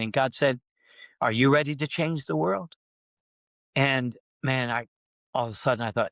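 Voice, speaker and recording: A middle-aged man, a pastor, telling a personal story on a podcast and acting out his own prayers, his voice climbing as he gets excited. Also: moderate pace, creaky, dry recording. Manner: animated storyteller who acts out his own prayers, pitch rising when excited.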